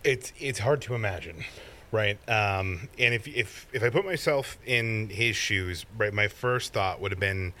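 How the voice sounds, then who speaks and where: A man taking part in a Bible study, answering questions thoughtfully and reading verses, with some halting repetitions. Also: on the low side, expressive, sharp tone. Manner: thoughtful, halting, repeats words.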